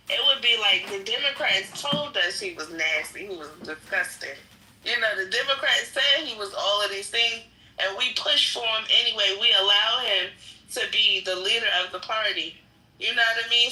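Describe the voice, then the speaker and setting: A woman talking politics in loose podcast chat, her voice very bright and sharp. She rambles and restarts, with plenty of "um" and "like," in an echoey room. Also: medium pitch, far from the mic. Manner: rambling, many fillers and restarts. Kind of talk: casual opinionated chat.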